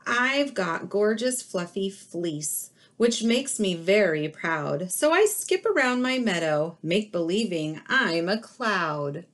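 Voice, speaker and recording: A woman's voice: medium pitch, animated, slow pace, hardly any pauses, fairly bright tone. A woman voicing a proud, dreamy sheep in a children's picture book.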